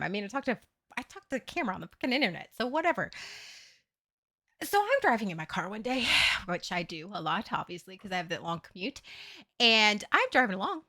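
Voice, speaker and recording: A woman streamer talking candidly to her viewers in a casual livestream chat, swearing freely and getting animated as she tells her story. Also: fairly high pitch, fairly quick.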